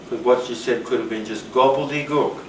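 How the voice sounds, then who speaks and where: A man giving a rambling, animated talk on rapport, now and then acting out the voices of people he quotes. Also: mid-range voice, brisk. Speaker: teacher. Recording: roomy, distant, noisy.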